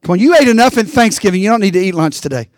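A man's voice: high voice, expressive, very fast, no echo, clean studio sound. A pastor preaching a rousing sermon, calling out to his congregation.

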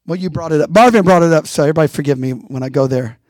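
A man's voice: fairly high pitch, racing, darkish tone, dry recording, clean studio sound. A pastor preaching a rousing sermon, calling out to his congregation.

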